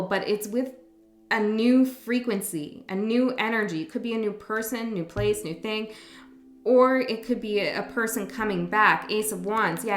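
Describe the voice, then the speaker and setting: A woman giving a casual tarot reading, talking gently and rambling, correcting herself as she goes. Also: on the high side. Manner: gentle, rambling, self-correcting, soft laughs. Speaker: tarot reader. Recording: echoey room with faint music.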